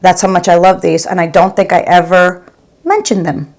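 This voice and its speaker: Middle-aged woman beauty vlogger, lower voice, effusive and chatty, casual home recording. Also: fairly even intonation, normal speed, darkish tone. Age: 40s or 50s. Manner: gushing, chatty, calls viewers girl. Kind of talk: casual makeup review to camera.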